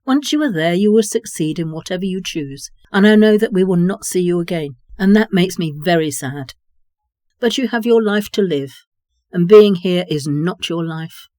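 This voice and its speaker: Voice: mid-range voice, expressive, normal speed, darkish tone, dry recording, studio quality, lightly acted. A reader voicing a fond older father saying farewell in an audiobook story. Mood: tender. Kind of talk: audiobook reading.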